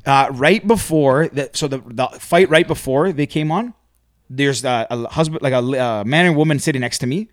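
A man from Canada chatting casually on a podcast, telling a long story in an animated way. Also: medium pitch, normal speed, dry recording, clean studio sound. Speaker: podcast host.

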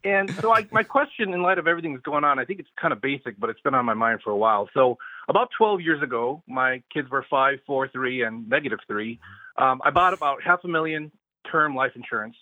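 A man's voice: medium pitch, expressive, brisk, no room sound. A man in his forties calling in to a radio show, polite and a little hesitant, with many fillers. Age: 40s. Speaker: caller. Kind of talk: phone-in question. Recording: tinny phone line.

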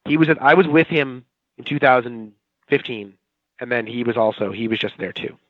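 A man's voice: medium pitch, a little fast, a bit bright, no echo, lo-fi sound. Chatty man from the Boston area. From Boston area, Watertown. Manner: chatty, rambling, self-mocking. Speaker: guest, TV writer. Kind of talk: casual interview chat.

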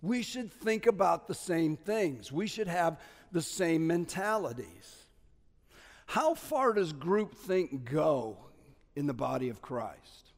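A man preaching a sermon as pastor, stressing key words loudly and dropping to quiet asides. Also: a little high, sing-song, takes it slowly, gravelly, big-room sound. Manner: emphatic, swings between loud stresses and quiet asides.

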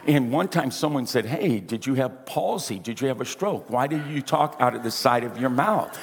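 Big-voiced pastor in a reverberant hall. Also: male voice, medium pitch, expressive, moderate pace, slightly rough. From Louisiana. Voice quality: big carrying voice, talks out of the side of his mouth. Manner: folksy, self-deprecating anecdotes with asides. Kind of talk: storytelling sermon.

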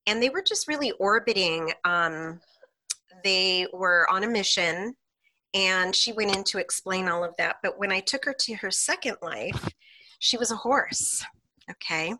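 A woman guest, a hypnotherapist, telling client stories in an animated way on a podcast and laughing often between lines. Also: mid-range voice, a little slow. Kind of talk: podcast interview storytelling.

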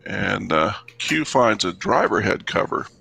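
Gravelly, bright-toned, animated male co-host. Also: lowish voice, measured pace. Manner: griping, mock-annoyed banter with swearing. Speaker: podcast co-host. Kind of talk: casual chat.

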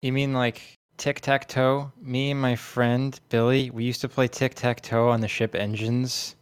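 A man's voice: medium pitch, level tone, unhurried, clean tone, no room sound, lightly acted. A man voicing a naive, curious young boy in a tabletop role-play, asking wide-eyed questions.

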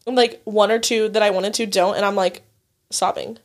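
A woman's voice: medium pitch, normal speed. A young woman in her twenties co-hosting a casual chat podcast, telling stories with lots of laughter. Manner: giggly, animated storytelling. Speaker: podcast co-host.

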